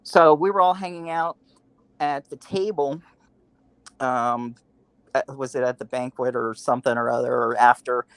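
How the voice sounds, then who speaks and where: Lively storytelling man, dry sound. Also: medium pitch, normal speed, long pauses, clear, resonant tone, dry recording. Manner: animated storyteller, acts out quotes. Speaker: podcast panelist. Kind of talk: casual storytelling chat.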